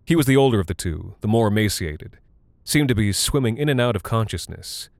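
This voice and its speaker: Low-voiced, deadpan male storyteller. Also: brisk, gravelly, dry recording. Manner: dry, deadpan first-person storytelling. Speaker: narrator. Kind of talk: scripted horror fiction narration.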